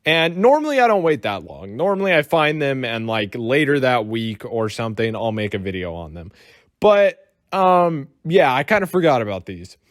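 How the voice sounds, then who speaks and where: A man's voice: medium pitch, very animated, normal speed, no echo, studio quality. A man from the United States giving casual, rambling reaction commentary and swearing freely. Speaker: commentary YouTuber.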